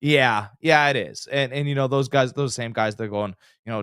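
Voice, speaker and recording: A man co-hosting a sports podcast, telling stories in a loose, animated way with frequent restarts. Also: mid-range voice, normal speed, few pauses, smooth, no room sound, studio quality. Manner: animated storyteller, trails off and restarts. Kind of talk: casual sports chat.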